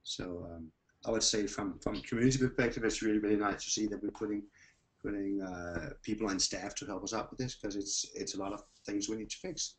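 A man with a somewhat low voice speaks casually at a board meeting, joking a little and stumbling over repeated words. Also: fairly even intonation, a little fast.

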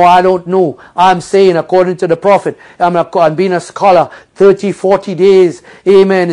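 A male pastor preaching a fervent sermon, peppering it with amens and hallelujahs, dropping to soft low passages and rising to loud high cries. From United States.

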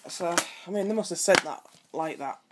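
A woman's voice: fairly low pitch, moderate pace. A woman, chatting casually through an unboxing video and swearing freely when things go wrong. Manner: swears freely, frustrated complaints. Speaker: vlogger. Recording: loud background noise.

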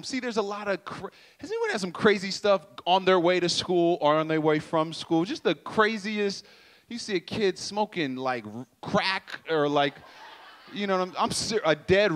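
A man's voice: high voice, moderate pace, a bit bright. A young man preaching a sermon in a loose, storytelling way, acting out voices and making sound effects. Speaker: youth preacher.

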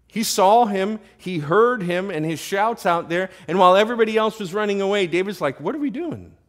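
A man's voice: high voice, a little fast, a bit bright. A man preaching an evening sermon in a church, rising to emphatic questions.

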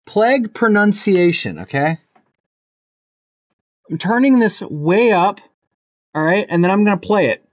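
A man's voice: high voice, animated, a little slow, pauses often. A man chatting casually with viewers while he plays a game on a live stream, loose and joking, swearing freely.

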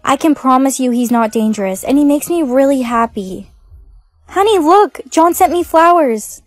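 A synthetic woman's voice reading side characters in short POV skits with a flat, machine-like delivery. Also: sits high, moderate pace, no echo, clean studio sound. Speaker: text-to-speech storyteller. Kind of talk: text-to-speech POV skit narration.

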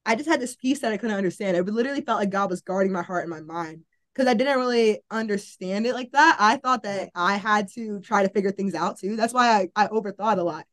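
A woman's voice: mid-range voice, quick pace, a bit bright. Young woman, college athlete, earnest, casual testimony, lots of "like", acts out her past thoughts. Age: young adult. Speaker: college volleyball player, podcast guest.

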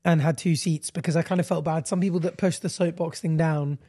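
A young man chatting on a podcast, his fairly high voice bouncing as he acts out little stories. He talks casually and animatedly, putting on voices for the people in his anecdotes. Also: steady tone, a little fast, dark tone, slightly rough. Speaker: podcast co-host. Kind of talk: casual chat.

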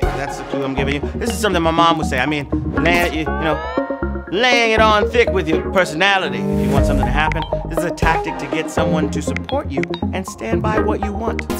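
A high, lively male game show host who swoops all over his range as he teases players and tosses off rhymes. His voice is playful and sing-song, with a clear music bed running underneath. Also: normal speed. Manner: calls players "babies". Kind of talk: live trivia game show hosting.

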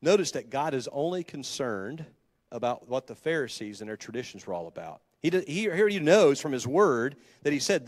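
A man's voice: mid-range voice, sing-song, brisk. A man preaching a sermon to his congregation in a conversational way, stopping to correct himself and asking the room questions. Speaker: pastor. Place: church sanctuary. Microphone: handheld microphone. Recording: long hall reverb.

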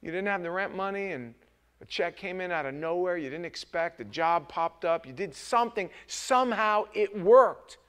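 A man's voice: sits high, lively intonation, moderate pace, fairly bright tone. A man preaching an informal, joking sermon as pastor in a church, often restarting his sentences. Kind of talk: conversational sermon. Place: church sanctuary.

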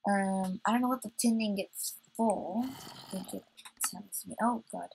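A woman's voice: medium pitch, measured pace, creaky, darkish tone, a little hiss or hum, rough recording. A woman hosting a let's play, chatting to herself as she plays and getting easily startled. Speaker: gaming channel host.

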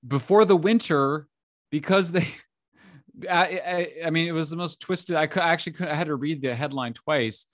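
A middle-aged man talking as an interview guest, animated and incredulous, speaking in bursts with frequent restarts. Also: a little high, moderate pace, dry recording, clean studio sound. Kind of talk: conversational interview.

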